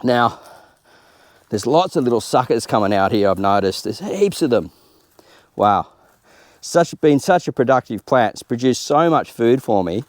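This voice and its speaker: A man with an Australian accent talks through a gardening job in an informal, chatty way, as if explaining to a friend while he works. His voice sits at an ordinary middle pitch. The sound is dry and close, with little room echo. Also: big pitch swings, moderate pace, long pauses. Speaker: home gardener host. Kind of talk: casual gardening tutorial. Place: outdoor home garden.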